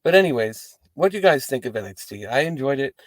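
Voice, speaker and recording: A man hosts a wrestling post-show from inside his parked car, chatting to the camera in a rambling, profane way with animated asides. His voice sits at an ordinary middle pitch. The sound is close and dry, with no room echo. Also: fast talker. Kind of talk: casual talk to camera.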